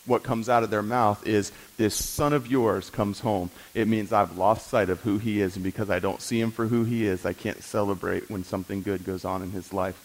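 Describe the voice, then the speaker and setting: A male pastor delivering a sermon in a dramatic, teaching manner. He questions his listeners, moves between hushed and forceful passages, and slows down to stress his points. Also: lowish voice, level tone, low-quality recording.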